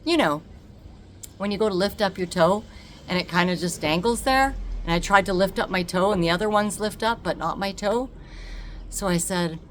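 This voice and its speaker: A woman telling a personal story to camera, animated and emphatic, acting out the dialogue and repeating words for effect. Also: medium pitch, normal speed, slight background noise. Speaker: vlogger.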